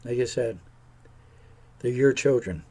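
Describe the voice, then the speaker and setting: A man's voice: medium pitch, unhurried, a little mellow, breathy edge. A man hosting a podcast, giving an indignant, sarcastic political rant. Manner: indignant, sarcastic, mocks politicians in put-on voices. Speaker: podcast host.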